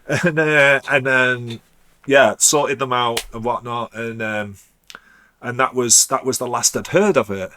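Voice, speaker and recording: Rambling DJ telling a story. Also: male voice, mid-range voice, steady tone, pushed and bright, a little hiss or hum. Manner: rambling, halting, frequent restarts. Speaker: DJ guest. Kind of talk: casual storytelling.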